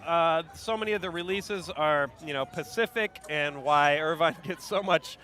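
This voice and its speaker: A man's voice: on the high side, moderate pace, pushed and bright. A man co-hosting a live event stream, chatting casually in a rambling, joking way outdoors. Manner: joking, rambling, lots of fillers. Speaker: stream co-host. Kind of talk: casual pre-show banter.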